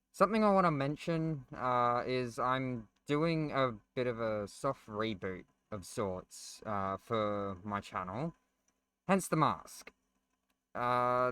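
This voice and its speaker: A man's voice: medium pitch, fairly bright tone, clean tone. A young man hosting a gaming channel, giving a casual game review with sarcastic, self-deprecating jokes, casual swearing and rambling ums. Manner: rambling with ums and repeated words.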